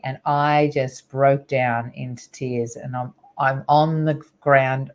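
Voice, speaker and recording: A woman's voice: very deep voice, fairly even intonation, slow, darkish tone. A middle-aged woman, a guest on an interview show, earnestly recounting a personal spiritual story in a rambling way with many fillers.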